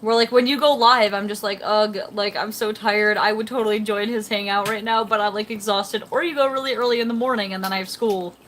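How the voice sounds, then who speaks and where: Young woman, livestreamer, chatty and rambling, slightly high voice, faint room noise. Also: fairly even intonation, fast talker, few pauses, fairly bright tone. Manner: rambling and chatty, reading out chat comments. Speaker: fish-keeping livestreamer. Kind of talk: casual live stream chat. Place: home, beside her fish tank.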